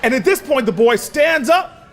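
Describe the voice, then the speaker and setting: A man giving an impassioned, preacher-style speech at a convention, telling stories with repeated words and building to shouts. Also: very high voice, expressive, normal speed, gravelly, some chatter behind. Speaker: speaker at a convention. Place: large convention hall.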